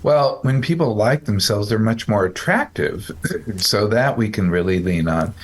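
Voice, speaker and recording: A man hosting a casual psychology podcast, explaining a study in a rambling, self-correcting, joking way. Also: lowish voice. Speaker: psychologist host.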